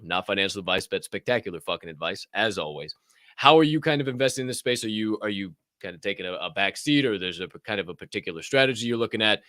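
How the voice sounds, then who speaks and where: Male podcast host, mid pitch, dry close sound, loose and profane. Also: fairly bright tone, dry recording. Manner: loose, profane, laughs often, rambling. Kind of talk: casual podcast chat.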